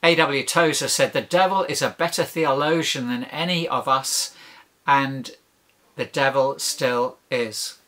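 A man's voice: medium pitch, unhurried, a bit bright. A man preaching a sermon, emphatic, building points with rhetorical questions and lists.

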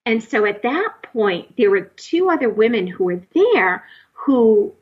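A woman guest recounting a personal experience in a halting, emotional way, with many fillers and restarts. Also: fairly high pitch, big pitch swings, husky, muffled recording. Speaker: guest telling her experience.

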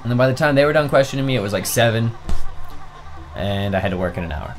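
Faint music plays behind this young man's medium-pitched, fast voice. As a let's play co-host, he spins a lengthy, profane story during a laid-back video-game session, animated and cursing without restraint.

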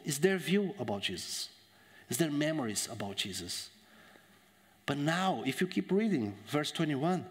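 Preacher guy, kinda high voice, dramatic sermon, goes loud then drops real quiet. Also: sing-song, unhurried, in a large hall. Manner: dramatic, swings from loud to hushed. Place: church.

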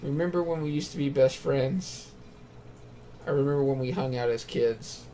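Reading out the dialogue choices in a story game and then picking one, a male let's play gamer voices the characters as he plays. He talks at a normal speed in a dark, mid-range voice, and there's a little hiss or hum.

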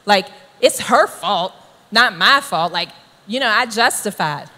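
A complacent churchgoer, dismissive and casual, waving away their own wrongdoing, as a woman preacher puts it on. The voice drops well below her usual bright tone and sounds lazy and offhand. It rings with a long hall reverb. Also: medium pitch, lively intonation, a little slow, pitched below the performer's own voice.

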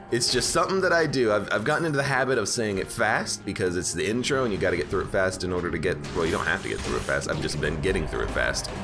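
A man giving rambling casual commentary while playing a video game, often correcting himself mid-sentence. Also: medium pitch. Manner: rambling, self-correcting, chatty. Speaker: game streamer. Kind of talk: casual let's-play commentary. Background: game music.

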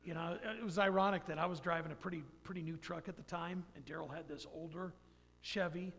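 A man's voice: fairly high pitch, fairly even intonation, brisk, vocal fry, fairly bright tone. A man in his fifties giving a folksy, rambling personal testimony in church. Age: 50s. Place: church sanctuary. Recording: long church hall reverb.

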